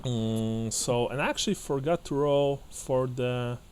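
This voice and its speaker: Smooth-voiced man running a tabletop game. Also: medium pitch, a little mellow. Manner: hesitant, many fillers and restarts; breaks into quick laughs while narrating. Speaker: game master.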